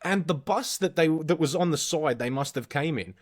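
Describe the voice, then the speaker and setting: A man's voice: a little high, normal speed. An Australian man in his thirties, a podcast co-host, telling rowdy stories in casual chat and swearing constantly. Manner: swears constantly, animated storyteller.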